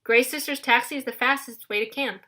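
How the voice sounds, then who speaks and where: A woman voicing a brisk, bossy, clever teenage girl. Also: fairly high pitch, pushed and bright.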